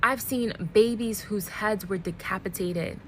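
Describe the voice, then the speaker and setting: A woman speaking earnestly and deliberately to camera, emotionally worn out. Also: mid-range voice, fairly bright tone, a little hiss or hum, low-quality recording. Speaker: social media creator. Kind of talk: direct-to-camera commentary video.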